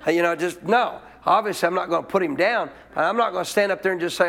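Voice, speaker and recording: High-voiced emphatic preacher man. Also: fairly quick, vocal fry, few pauses, fairly bright tone. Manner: emphatic, questions the congregation and repeats points. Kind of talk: sermon. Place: church.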